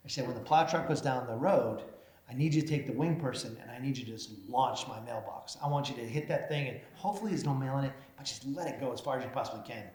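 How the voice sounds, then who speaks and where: A man's voice: medium pitch, fast talker, a little mellow. A middle-aged man giving a humorous speech, telling self-deprecating stories full of fillers and acted-out voices. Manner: self-deprecating, acts out voices in his anecdotes, many fillers. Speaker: mayor giving an award speech. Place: banquet hall at a chamber of commerce meeting. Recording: roomy hall with faint noise.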